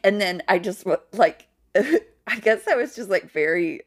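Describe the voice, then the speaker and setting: Young female co-host, rambling and giggly, pitch all over the place. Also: unhurried. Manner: rambling, laughs often, animated storytelling. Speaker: podcast co-host. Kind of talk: casual chat.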